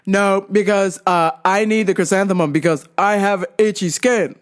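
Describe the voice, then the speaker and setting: A woman voicing a pushy deaf male customer who keeps repeating the same demand loudly. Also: mid-range voice, normal speed, close to an everyday voice. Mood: insistent.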